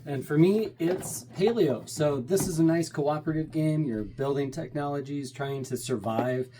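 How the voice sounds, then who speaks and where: Low, mellow, laid-back woman guest. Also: normal speed, a little hiss or hum. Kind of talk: casual chat.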